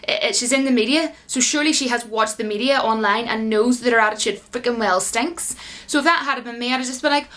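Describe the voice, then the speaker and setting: A woman ranting in an indignant, animated way to her viewers in a vlog commentary. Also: a little high, a little fast. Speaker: YouTube commentator.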